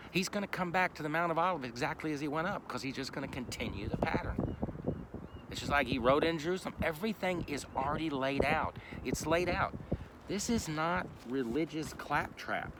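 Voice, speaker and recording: A man's voice: fairly high pitch, lively intonation, brisk. A man preaching informally outdoors, blunt, profane and emphatic. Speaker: street preacher. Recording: loud traffic noise outdoors.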